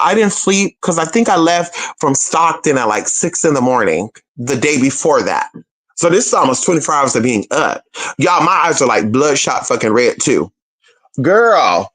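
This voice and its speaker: Telling viewers about something personal, a young adult streamer keeps it casual, lively and full of swearing, repeatedly saying "y'all" and "girl." The voice sits in the mid-range.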